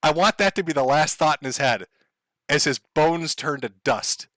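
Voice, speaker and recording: A man's voice: a little high, moderate pace, sharp tone, no echo. A man ranting casually to his live chat, rambling and profane, laughing as he goes. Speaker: streamer.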